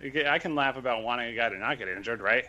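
Chatty man with a bright voice. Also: medium pitch, rapid-fire, dull audio. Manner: chatty, self-deprecating, many fillers and restarts. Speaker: podcast guest. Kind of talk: casual podcast chat.

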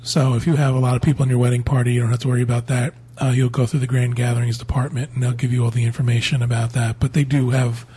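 Very husky-voiced male podcast co-host. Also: medium pitch, little pitch movement, racing, hardly any pauses, dark tone. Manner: practical, explains plainly. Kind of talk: casual podcast chat.

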